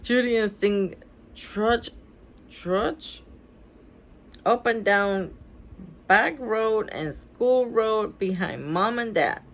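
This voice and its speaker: A woman's voice: medium pitch, lively intonation, drawn-out words, pauses often. A woman reading a children's storybook aloud, breaking off with laughing asides. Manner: laughing asides between passages. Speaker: storybook reader.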